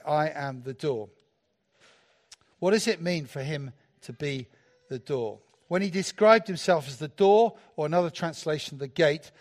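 A man preaching a sermon in a playful, animated way, joking with the congregation. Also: high voice.

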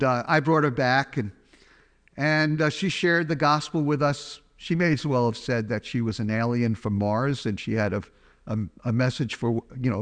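A man's voice: medium pitch, a bit bright. A man giving a chatty, humorous personal testimony, telling a story to an audience. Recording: long hall reverb.

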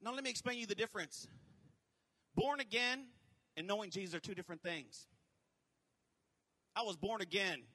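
A man preaching as a pastor, animated, with shouted peaks and quick quoted asides. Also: high-pitched. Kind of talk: sermon. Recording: long hall reverb.

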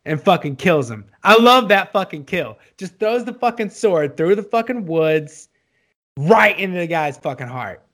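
A man co-hosting a casual movie chat, excitable and profane, his voice jumping up when he gets worked up. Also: moderate pace. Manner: excitable, swears a lot, voice jumps high when excited. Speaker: podcast co-host.

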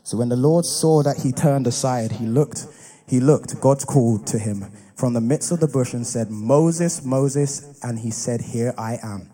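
A young adult man preaching, telling a personal testimony in an animated way that builds to loud, impassioned preaching. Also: mid-range voice, a little slow.

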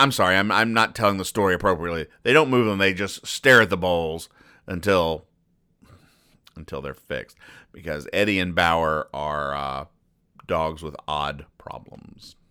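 Male comedy host, lowish dry voice, close and dead-sounding, wry and rambling. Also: pushed and bright, clear, resonant tone, no room sound. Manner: rambling, dry, self-correcting. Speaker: podcast host reading comics. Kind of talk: deadpan comic recap.

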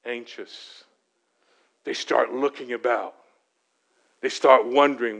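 A man's voice: medium pitch, fairly even intonation, unhurried, vocal fry, pauses often, a bit bright. A middle-aged man preaching a sermon as guest speaker. He asks the audience questions and answers them himself, and acts out the voices he quotes.

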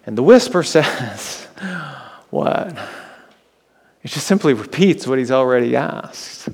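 A man's voice: mid-range voice, lively intonation, slow pace, vocal fry, a little mellow, long reverb tail. A male pastor preaching a sermon, retelling scripture dramatically and asking the listeners rhetorical questions.

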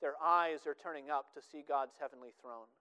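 A man's voice: on the high side, moderate pace, sharp tone, clear, resonant tone, low-quality recording. A man preaching a sermon in an earnest way, often repeating words for emphasis.

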